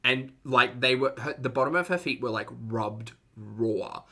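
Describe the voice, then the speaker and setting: A man with an Australian accent gives live-stream reaction commentary in a sarcastic, chatty way. His voice sounds bright and forward, and he reads out messages from viewers as he goes. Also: mid-range voice, a little slow, hardly any pauses.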